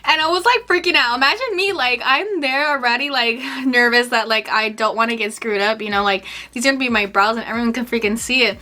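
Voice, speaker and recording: A woman's voice: fairly high pitch, a little fast, pushed and bright. A young woman telling a story in a chatty vlog, full of fillers and acted-out quotes. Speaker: vlogger.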